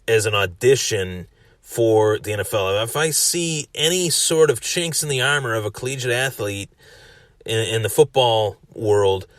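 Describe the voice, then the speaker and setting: A man's voice: mid-range voice, animated, moderate pace, a bit bright, no echo, studio quality. A man hosting a solo sports podcast, giving a chatty recap that often repeats and restarts phrases. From Western New York.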